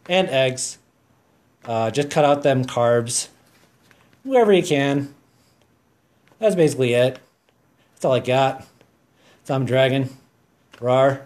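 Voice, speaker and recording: A man's voice: medium pitch, darkish tone. A man hosting his own podcast, chatting alone in a hyper, goofy, rambling way. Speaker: podcast host. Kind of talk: casual solo podcast chat.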